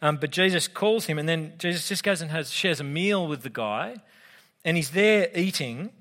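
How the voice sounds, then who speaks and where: Australian male pastor, slightly high voice, chatty joking sermon, long reverb hall. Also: expressive, moderate pace, fairly bright tone. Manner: casual, conversational, humorous asides.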